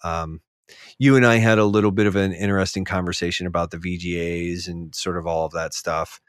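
A man co-hosting a podcast in casual chat, animated and rambling, mocking other players in quick quoted asides. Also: deep voice, smooth, dry recording, studio quality. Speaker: podcast co-host.

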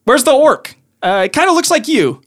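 A man's voice: very high voice, sing-song, normal speed, fairly bright tone, pitched above the performer's own voice, heavily acted. A man voicing a breezy, easily flustered gnome sorcerer who runs a theme park.

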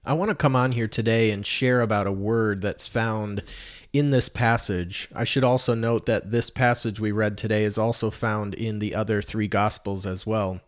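A man's voice: on the low side, steady tone, normal speed. A man preaching a sermon in an earnest, conversational way, asking rhetorical questions. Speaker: pastor.

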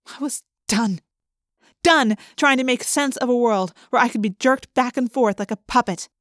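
A woman reads a first-person story aloud and throws real emotion into the dialogue. Her voice sits somewhat high, and the recording is dry with no room echo. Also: normal speed. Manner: expressive, emotional dialogue delivery. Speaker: audiobook narrator.

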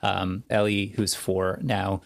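A man in his thirties co-hosting a podcast, relaxed and joking as he tells stories in a casual chat. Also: deep voice, slow pace, creaky. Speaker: podcast co-host.

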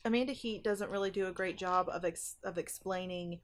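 A woman's voice: mid-range voice, brisk, slight background noise. A woman co-hosting a podcast, recapping a book in casual chat and laughing easily. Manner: chatty, explains the plot, laughs easily. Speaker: podcast co-host.

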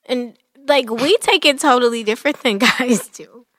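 A young woman co-hosting a casual chat, chatty and quick to laugh. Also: a little high, a bit bright, no echo, studio quality. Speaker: podcast co-host.

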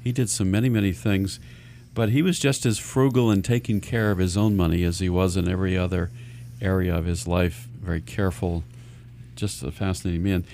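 A deep, mellow male voice with fairly even intonation moves a little fast, with slight hiss or hum in the background. He's a financial advisor hosting a radio talk show, explaining things earnestly and often restarting his sentences.

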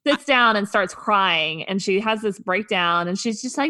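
A woman's voice: mid-range voice, moderate pace, few pauses, bright, forceful tone, no room sound. A woman co-hosting a podcast, chatting casually and gossiping, laughing a lot and acting out quotes. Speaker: podcast co-host. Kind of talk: casual chat.

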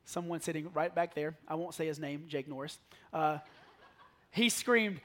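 A man preaching a sermon to a church, telling lively stories and dropping to a near whisper for asides. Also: on the high side, normal speed. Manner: animated storytelling, drops to a near whisper for asides. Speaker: pastor. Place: church sanctuary.

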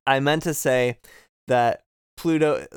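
Podcast guy joking thru a game recap, smooth voice, dead dry close mic. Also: mid-range voice, steady tone, takes it slowly, no echo. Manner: jokey, laughs often, reads from notes. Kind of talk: casual chat.

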